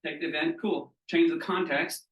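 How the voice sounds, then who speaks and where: Here the Southeast Florida trainer's voice is fairly high and a bit bright, with a steady tone at normal speed. He performs the figures in his stories for the group he teaches, often checking in with "right?". It's captured from afar in a room full of echo.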